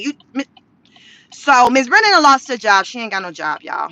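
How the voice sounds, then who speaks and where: A woman's voice: high-pitched, big pitch swings, brisk, bright, forceful tone, no room sound, rough recording. A woman giving casual, slangy commentary on the news, talking straight to her viewers and telling the story with animation. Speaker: commentary vlogger.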